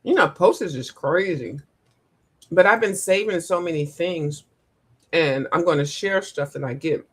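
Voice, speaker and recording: A woman hosting a casual livestream, animated, laughing often and breaking into sung and mimicked lines. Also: fairly low pitch, measured pace, breathy edge. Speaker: livestream host. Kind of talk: casual live chat.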